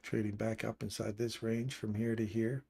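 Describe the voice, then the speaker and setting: Host voice, male, lowish pitch, casual chart-walkthrough delivery, explanatory and conversational. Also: little pitch movement, moderate pace, gravelly, mellow, breathy edge. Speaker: trading stream host. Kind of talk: live trading chart walkthrough.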